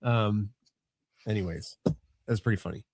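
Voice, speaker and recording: A man's voice: on the low side, moderate pace, darkish tone, breathy edge, no echo. Chatty father, dry close mic. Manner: rambling, restarts often, chuckles. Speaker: co-host of a family podcast. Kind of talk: casual chat.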